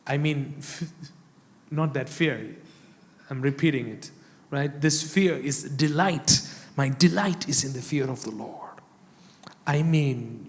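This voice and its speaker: A man preaching a sermon as pastor, emphatic and prompting the congregation with questions. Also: medium pitch. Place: church hall. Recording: long reverb of a church hall.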